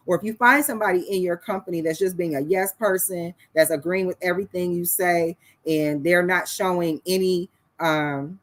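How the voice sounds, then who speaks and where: A woman hosting a show, giving candid, preachy advice in a casual monologue. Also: lowish voice. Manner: candid, preachy, with fillers and restarts. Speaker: show host.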